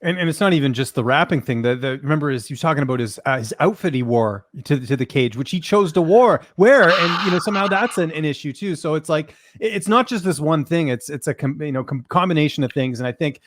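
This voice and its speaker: Fast-talking man hosting a fight podcast. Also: on the high side, a bit bright, dry recording, studio quality. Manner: quick, chatty, restarts often. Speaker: podcast host. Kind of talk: casual podcast chat.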